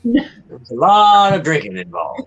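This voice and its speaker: Joking man with a lively voice. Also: sits high, normal speed, slightly rough, lo-fi sound. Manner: teasing, joking, laughs often. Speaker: podcast regular. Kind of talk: casual chat, storytelling.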